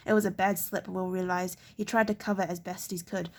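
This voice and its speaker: A woman reads a novel aloud in a gravelly, husky voice. She goes haltingly, often tripping over a word and starting it again. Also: lowish voice, little pitch movement. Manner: halting, often stumbling and restarting words. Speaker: reader.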